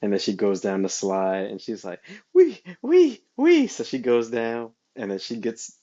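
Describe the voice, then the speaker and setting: Male co-host, lowish voice, lively storytelling delivery, dull remote audio. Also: moderate pace. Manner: animated storytelling, laughs often. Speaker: podcast co-host. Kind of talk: casual chat.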